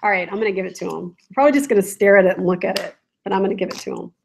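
This reseller vlogger races through a casual home live stream, giggling and reading viewers' comments as dogs bark around her. Her mid-range voice is gravelly and darkish. The low-quality recording has a little hiss or hum.

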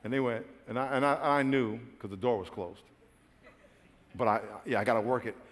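A man pastor telling a funny personal story in a sermon, acting out his own frantic lines with bursts of shouting and laughter. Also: medium pitch, fairly quick, long reverb tail, slight background noise. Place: large church auditorium.

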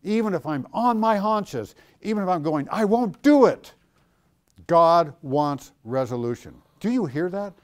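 A middle-aged male pastor teaching a class on Christian doctrine, animated and jokey, acting out the voices he quotes with big swings in pitch and loudness, speaking to students in a classroom. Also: normal speed, few pauses, clean tone. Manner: jokey, self-mocking storyteller. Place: classroom or church hall with students.

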